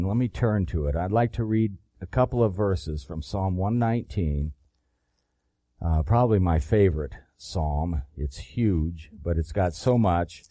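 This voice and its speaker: A man preaching a sermon, reading scripture slowly and deliberately and rising in emphasis on key verses. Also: low-pitched, warm tone, no echo, studio quality.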